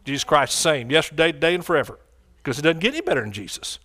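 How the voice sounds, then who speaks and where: A man's voice: fairly high pitch, very animated, very fast, fairly bright tone. A man preaching a sermon with fervent energy, calling out to his congregation for responses.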